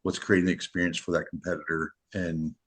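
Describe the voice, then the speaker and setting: A man's voice: deep voice, little pitch movement, quick pace, husky. A middle-aged man, a match director, chatting casually on a podcast in an earnest, rambling way with many restarts.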